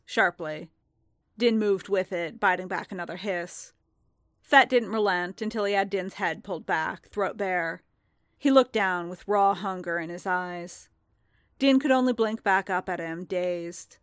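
A woman reading a piece of fan fiction aloud in an even, intimate storytelling manner. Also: medium pitch, dry recording, clean studio sound. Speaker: reader.

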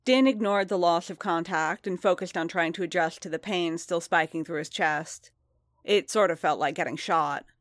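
A woman reading a story aloud in a steady, even narration. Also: on the low side, moderate pace, no echo, studio quality. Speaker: reader. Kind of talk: audiobook-style story reading.

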